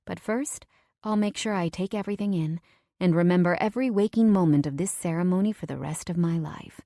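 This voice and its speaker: A woman narrating a first-person romance audiobook in a studio, expressive and dropping to whispers for inner thoughts. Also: on the low side, fairly quick, dry recording.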